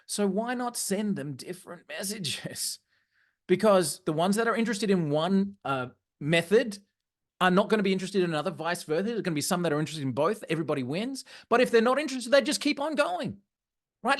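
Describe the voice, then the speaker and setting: Animated marketing trainer. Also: medium pitch. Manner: animated, repeats key phrases for emphasis. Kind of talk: live seminar talk. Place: room with a live audience.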